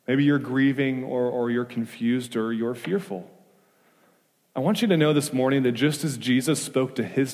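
A man preaching a sermon as pastor, emphatic, asking rhetorical questions and moving between loud urgency and hushed reassurance. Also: mid-range voice. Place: church sanctuary. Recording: reverberant church hall.

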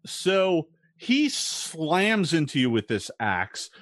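A man running a tabletop game as game master, narrating monsters' attacks and calling for rolls with a lively, laughing manner. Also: a little high, takes it slowly, no echo, studio quality.

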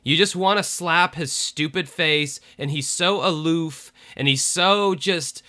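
A man from the American South trades opinions on a casual podcast, cursing freely. His voice is bright and forceful. He talks with lively animation and now and then slips into a mocking drawl. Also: a little high, a little slow. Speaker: podcast co-host. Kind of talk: casual chat.

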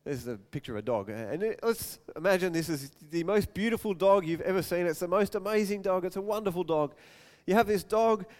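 Animated high-voiced male preacher. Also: a little fast, hardly any pauses. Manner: animated, acts out scenes with quoted voices. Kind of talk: sermon with storytelling.

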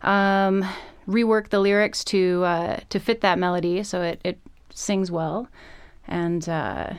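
A woman's voice: on the low side, steady tone, slow, clean tone. A woman, a singer and songwriter, talking in a modest, giggly way in a radio studio interview.

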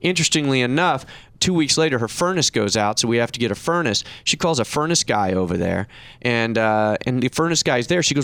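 A middle-aged man hosting a talk show, telling a story in a casual, animated way, his voice rising when he quotes other people. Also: fairly quick, no room sound. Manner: animated anecdote, raising pitch when quoting others. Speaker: radio show host and reverse mortgage professional.

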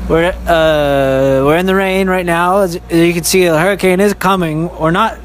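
A man's voice: high-pitched, steady tone, normal speed, noisy background, voice pushed up, lightly acted. A man voicing a nervous male TV field reporter standing out in a storm, rambling and stumbling through his on-air report, recorded on a phone. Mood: eager. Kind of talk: improvised news-reporter parody.

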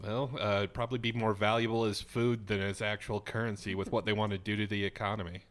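A man's voice: lowish voice, flat delivery, fast. A man in casual chat, riffing bluntly with plenty of profanity.

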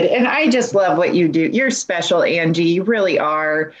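A woman's voice: lowish voice, lively intonation, normal speed. A woman hosting a podcast interview, effusive and bubbly, laughing easily with her guest. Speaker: podcast host. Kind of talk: casual interview chat.

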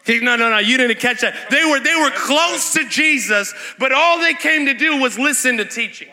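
A young man preaching an energetic Pentecostal sermon with call-and-response, fast and excited, repeating words and shouting to the crowd in a large church hall. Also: very high-pitched. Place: large church hall at a live worship night. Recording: long hall reverb from a live event.

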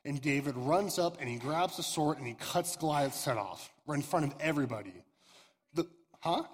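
A young man leads a youth sermon, retelling a scripture story in a loose, halting way full of fillers and restarts. His voice sits a little high and sounds husky. It rings out with a long reverb across a large hall. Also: lively intonation. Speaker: youth pastor.

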